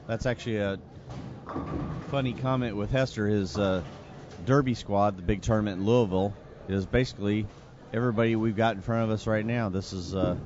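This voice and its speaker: A man's voice: fairly low pitch, brisk. Joking male bowling commentator. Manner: joking, reads standings in a steady list. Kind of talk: live sports commentary. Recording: dull broadcast audio with noise.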